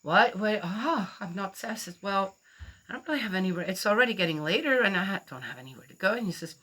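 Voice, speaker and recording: A woman's voice: mid-range voice, animated, a little fast, bright, forceful tone, breathy edge. A middle-aged woman telling a personal story in a rambling, chatty way, full of fillers and acted-out quotes. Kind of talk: casual spoken storytelling.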